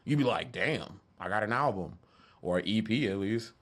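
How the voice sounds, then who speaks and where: A man's voice: lowish voice, lively intonation, normal speed, a bit bright. A man, talking loosely and joking with his stream chat from his studio. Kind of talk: casual livestream chat.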